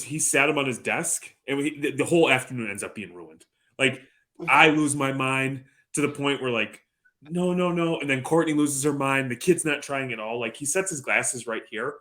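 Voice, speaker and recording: A man's voice: medium pitch, pushed and bright. A man in his thirties co-hosting a podcast, chatting casually and telling long, rambling stories with dry jokes and plenty of swearing. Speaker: podcast co-host. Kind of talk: casual chat.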